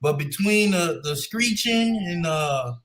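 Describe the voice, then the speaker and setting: A man with a high, bright voice trades laid-back, casual banter as a morning radio co-host. He tells his stories in an easygoing way. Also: lively intonation, slow pace. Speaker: sports co-host.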